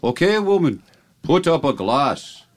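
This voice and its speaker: A blunt, bossy Irish husband barks his orders in a raised, lively voice. He swears freely, as a man puts on the accent in a bar-room joke. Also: a little high, unhurried, pitched above the performer's own voice. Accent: put-on Irish.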